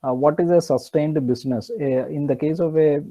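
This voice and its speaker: A man's voice: fairly high pitch, normal speed, mellow, rough recording. A man giving an online engineering lecture, hesitant with many fillers and restarts.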